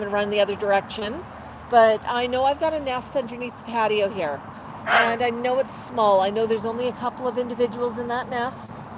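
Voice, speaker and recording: A woman hosting a live stream outdoors with her parrot, chatting, telling jokes and laughing. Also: a little high. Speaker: livestream host with her parrot. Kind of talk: casual chat with joke telling. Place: outdoor patio. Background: faint street traffic.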